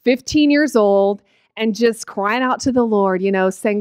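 Unhurried and mid-range, with a darkish, clean tone on a dry recording, a woman in her late thirties gives her personal testimony as a guest speaker. She hails from the Oklahoma panhandle in the USA and speaks chattily and emotionally, sometimes tearful, full of fillers.

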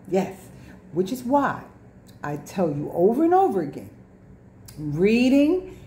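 Slow, lively woman teaching little kids. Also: medium pitch. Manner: repetitive, drawn-out, spells words letter by letter. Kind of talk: lesson for young children. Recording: echoey room.

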